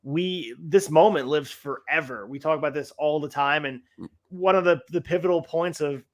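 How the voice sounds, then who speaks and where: A man's voice: on the high side, normal speed. A man hosting a podcast, recapping events casually and restarting his sentences while laughing along. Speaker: podcast host. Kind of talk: casual chat.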